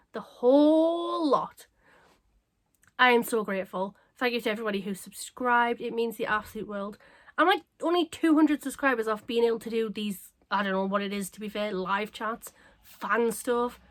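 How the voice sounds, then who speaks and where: A woman chatting casually to camera as a craft vlogger, bubbly and self-mocking, her voice a little croaky. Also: a little high, fairly quick. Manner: bubbly, excitable and self-deprecating. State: slightly croaky.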